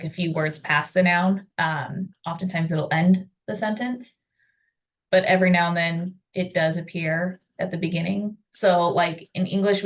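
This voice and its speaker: A woman in a teacher training answers a question about grammar. Her voice sits somewhat low. She explains step by step, filling pauses with "um" and "like.". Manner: explanatory, uses fillers like "um" and "like". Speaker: training participant.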